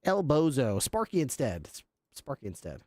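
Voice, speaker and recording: A man's voice: mid-range voice, huge pitch swings, normal speed, a little mellow, no room sound, studio quality. A man livestreaming, chatting casually with his viewers, laughing often and swearing. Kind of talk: casual chat with stream viewers.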